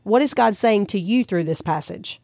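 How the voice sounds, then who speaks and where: A woman reads a devotional chapter in a gentle, prayerful voice at a middle pitch. She slows down for scripture and speaks softly. The recording is dry and close, with no room sound. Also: animated, vocal fry, dry recording. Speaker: podcast host and author. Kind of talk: devotional reading.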